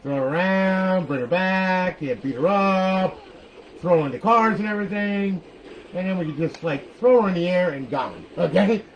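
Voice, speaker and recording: An older man with a high voice casually walks through his modded game console setup at a moderate pace, heard on a muffled recording. He rambles chattily, tags lines with "okay?" and "all right," and swears now and then.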